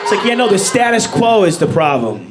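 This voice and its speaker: Performing on a comedy stage, this man speaks fairly quickly in a voice that sits high and is very animated. His stand-up is a sarcastic, incredulous, profane rant, met by loud laughter from the live audience.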